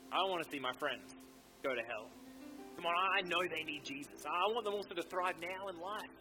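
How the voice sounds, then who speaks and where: A man's voice: a little high, a little fast, sharp tone, soft background music, low-quality recording. A male pastor preaching a sermon in a church, fervent and exhorting, urging his listeners on again and again. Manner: fervent, exhorting, repeats "come on".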